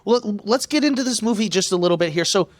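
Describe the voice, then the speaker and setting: A man's voice: high-pitched, expressive, fast talker, dry recording. A man hosting a casual podcast chat, playful and enthusiastic.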